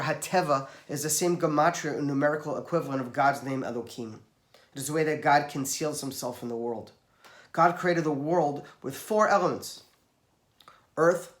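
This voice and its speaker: A man's voice: on the high side, a bit bright. A man giving an emphatic, storytelling Torah talk, recorded in an echoey room. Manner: storytelling, emphatic, rising for quoted voices. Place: South Florida.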